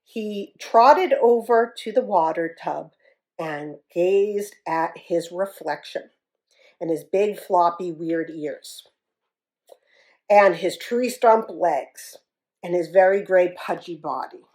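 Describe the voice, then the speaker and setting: A woman reading a children's story aloud in an expressive, animated way. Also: on the low side, takes it slowly, poor audio.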